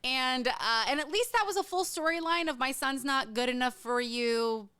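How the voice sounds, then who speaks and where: A woman guest on a casual podcast, a comedian talking with animated, comically exaggerated outrage. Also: high-pitched, normal speed, clear, resonant tone, dry recording. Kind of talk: casual chat.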